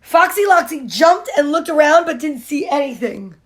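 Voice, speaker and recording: A woman's voice: high-pitched, lively intonation, moderate pace. A woman comedian reading a children's storybook aloud with gushing, playful asides.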